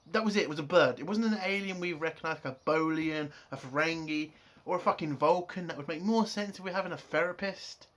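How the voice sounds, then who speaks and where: A man with a voice pitched a little above the usual runs through an episode review in a casual spoken way. He sounds exasperated, ranting and swearing freely as he goes. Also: a bit bright. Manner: exasperated, swears a lot, rants.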